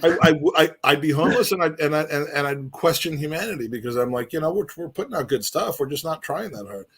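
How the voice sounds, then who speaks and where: A man's voice: a little high, lively intonation, fast, fairly bright tone. A middle-aged man co-hosting a podcast, chatting in a rambling, earnest way and restarting his sentences often. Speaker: podcast co-host. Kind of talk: casual chat.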